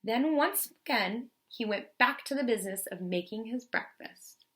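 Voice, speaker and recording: A young woman teacher reading a picture book aloud to children, expressive and pausing to ask questions. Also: on the high side, a little hiss or hum. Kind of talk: children's story read-aloud.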